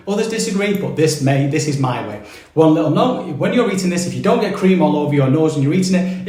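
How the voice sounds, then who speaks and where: A young man with a Manchester accent chatting through a jokey, animated explainer vlog. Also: a little high. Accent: Manchester English. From England. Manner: chatty, jokey, animated list-style delivery. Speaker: vlogger. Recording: echoey room.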